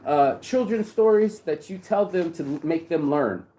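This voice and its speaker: A man's voice: fairly high pitch, expressive, moderate pace, warm tone. A man hosting a casual chat, telling stories in a rambling way, repeating words and swearing freely. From United States. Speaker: host.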